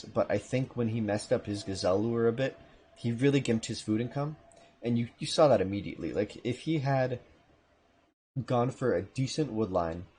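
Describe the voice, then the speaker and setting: A man casting a live strategy game match from home, with a relaxed, chatty manner and casual asides. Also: fairly low pitch, slight background noise. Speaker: esports caster. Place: home room.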